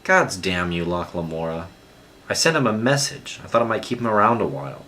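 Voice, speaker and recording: Guy doing a big burly thief yelling raw and angry, pitched up. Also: sing-song, fairly quick, full character voice. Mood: gruff. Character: big burly male thief, fierce, anguished.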